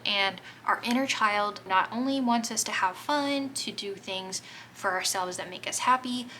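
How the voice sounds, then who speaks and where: A woman reads tarot at an unhurried pace, her voice bright and clear. She talks gently and reassuringly, gushing over each card as it comes up. A faint hum of ambience sits behind her. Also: mid-range voice, low-quality recording. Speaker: tarot reader. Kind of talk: spoken tarot reading to viewers.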